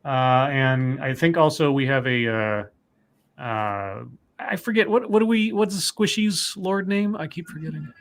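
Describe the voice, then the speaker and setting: An upbeat man hosts a casual streamed talk show. His pitch swings widely as he chats and jokes with his co-hosts. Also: measured pace. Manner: upbeat, animated host banter. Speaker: podcast host. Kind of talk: casual chat.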